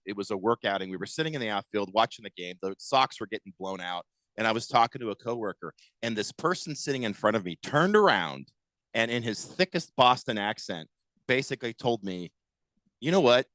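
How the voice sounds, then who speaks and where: A man hosting sports talk radio banter in a studio, chatty and quick to interrupt and correct his co-hosts. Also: on the low side, animated, a bit bright, dry recording, low-quality recording.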